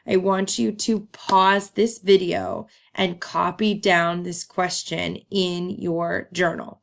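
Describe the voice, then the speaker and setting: A woman's voice: medium pitch, creaky, a bit bright. A woman teacher giving a recorded lesson in a chatty, upbeat way, with frequent ums. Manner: chatty, upbeat, laughs and says um often.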